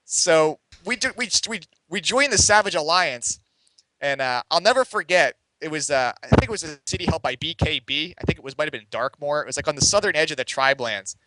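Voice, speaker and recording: A man's voice: fairly high pitch, lively intonation, brisk, pushed and bright, rough recording. A young man, a podcast guest, telling a long story in a casual, rambling way that is full of swearing and fillers. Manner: rambling and profane, heavy on fillers like "like" and "you know". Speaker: podcast guest, game community writer.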